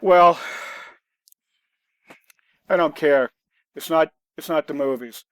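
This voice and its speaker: A man's voice: on the high side, slow pace, clear, resonant tone, dry recording. A man guest on a podcast, telling self-defense stories in a blunt, matter-of-fact way. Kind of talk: conversational podcast storytelling.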